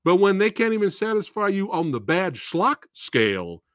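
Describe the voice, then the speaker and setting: A man's voice: sits high, moderate pace, dry recording, clean studio sound. A man hosting a live movie Q&A, ranting casually with frequent swearing and laughter. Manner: animated, profane, laughs often, restarts.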